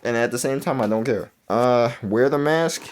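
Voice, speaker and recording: A young man talking through a video game quiz in casual, rambling commentary, mumbling and then jumping into excited outbursts. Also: medium pitch, normal speed. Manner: rambling, self-correcting, swings between mumbling and excited outbursts. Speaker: gaming YouTuber.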